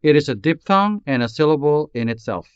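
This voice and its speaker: A man's voice: fairly high pitch, expressive, a little fast, smooth, dry recording, muffled recording. A man, a Hiligaynon speaker, narrating a scripted language lesson and carefully pronouncing example words. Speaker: language tutor.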